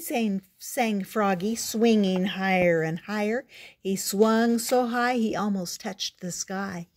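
An older woman reading a children's picture book aloud as a storyteller, slow and expressive. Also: mid-range voice.

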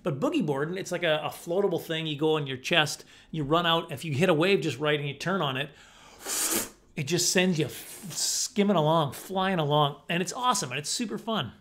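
A middle-aged man with a slightly high voice tells stand-up comedy stories. He is animated and self-deprecating, and he often breaks into acted-out voices. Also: a little fast.

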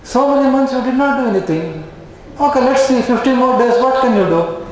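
A man voicing a taunting, sarcastic patient who mocks with drawn-out remarks, in a lecture room. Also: very high voice, lively intonation, voice pushed up. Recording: very echoey room, faint noise.

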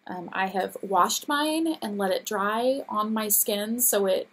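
A woman's voice: medium pitch, takes it slowly, a bit bright. A woman in her thirties hosting her own show, chatting casually and gushingly, her voice a little scratchy. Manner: chatty, gushing, laughs often. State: teary. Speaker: podcast host. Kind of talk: casual chat.

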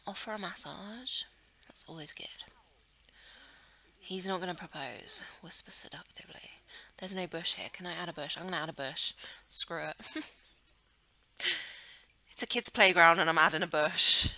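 Woman doing lets play commentary, bright voice, giggles a lot, keeps trailing off into whispers. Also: on the low side, normal speed, long pauses, a little hiss or hum, low-quality recording. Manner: chatty, giggly, thinks aloud; drops into murmurs and whispers. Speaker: let's play host. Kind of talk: casual gameplay commentary.

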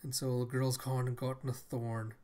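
A man of middling pitch talks through a comic book scene by scene in a relaxed, conversational retelling. He keeps backing up to fix a name or detail partway through a sentence, and he never sounds scripted. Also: normal speed. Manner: chatty, retells scenes loosely and corrects himself mid-sentence. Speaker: comic book reader and commentator. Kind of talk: casual read-through narration.

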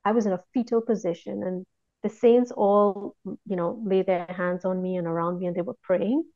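A woman recounting a personal experience in a reflective, hushed way, often pausing and restarting her sentences. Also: medium pitch, fairly even intonation, no echo, dull audio. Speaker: guest recounting a near-death experience. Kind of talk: personal testimony, casual storytelling.

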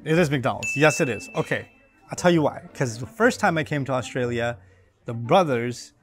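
A man's voice: mid-range voice, lively intonation, moderate pace, fairly bright tone, soft background music. A man casually and playfully guessing the meaning of slang words, thinking aloud and joking at his own guesses. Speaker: speaker reacting to slang list. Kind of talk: casual comedic monologue.

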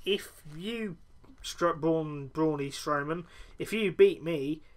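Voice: mid-range voice, lightly acted. A podcaster putting on a stumbling, scheming villain boss. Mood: blustering. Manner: stumbling, halting delivery. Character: scheming evil general manager.

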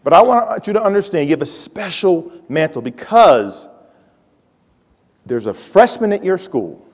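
A man in his forties giving a playful, animated motivational talk to students and calling out to the audience. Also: high voice, unhurried. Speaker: college president giving a talk. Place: large hall with a live audience. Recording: hall reverb.

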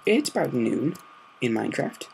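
Quiet, gravelly-voiced man narrating gameplay. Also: big pitch swings, normal speed, slight background noise. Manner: quiet, low-key, meandering. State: slight sore throat. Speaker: gaming video host. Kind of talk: hushed let's-play commentary.

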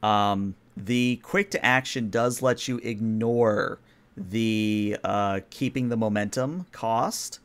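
A man narrating and explaining rules as game master of a tabletop role-playing game, relaxed with frequent fillers. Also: lowish voice, slow.

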